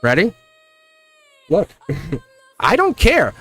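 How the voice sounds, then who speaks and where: A man giving a live-stream tarot reading, emphatic and animated, laughing often and slipping into a scolding teacher tone. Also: high voice, extremely slow, soft background music. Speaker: tarot reader.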